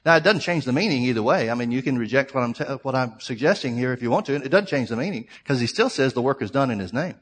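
A man's voice: medium pitch, animated, fast talker, hardly any pauses, fairly bright tone, breathy edge. A man preaching a sermon to his congregation, reading scripture aloud and explaining it verse by verse. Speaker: pastor. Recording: long hall reverb.

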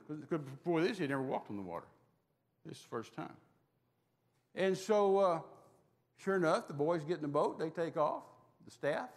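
A man preaching a sermon, telling the story in an animated, folksy way. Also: fairly high pitch, moderate pace, pauses often, long reverb tail.

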